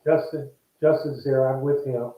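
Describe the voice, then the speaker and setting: An older man, once a ballplayer, tells stories in a casual interview with a medium-pitched voice at a moderate pace. He's animated and acts out the voices of the people he quotes. The remote line sounds echoey, distant and dull.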